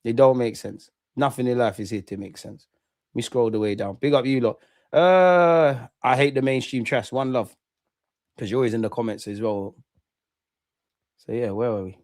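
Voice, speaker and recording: A young man, chatting with viewers and shouting them out during a live football watch-along. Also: medium pitch, moderate pace, no echo, studio quality. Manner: chatty slang-heavy banter, shouting out viewers. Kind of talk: live reaction chat.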